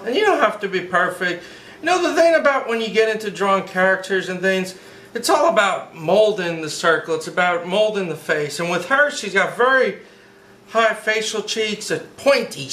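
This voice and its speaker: A man hosting a drawing tutorial from home, talking in an excitable, rambling, hyper way. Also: high-pitched. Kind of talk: casual drawing lesson. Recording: echoey room.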